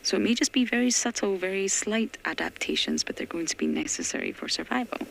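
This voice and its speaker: A woman safari guide giving hushed, chatty live commentary from an open-air game drive, often dropping to a half-whisper. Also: mid-range voice, huge pitch swings, quick pace, creaky, slight background noise, poor audio.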